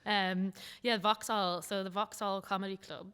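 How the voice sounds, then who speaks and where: A young adult woman with a Dublin accent, a stand-up comedian chatting casually as a podcast guest, lively and quick with frank asides. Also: mid-range voice, clear, resonant tone. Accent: Irish, Dublin. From Ireland. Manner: lively, swearing, quick asides, laughs easily. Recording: long hall reverb.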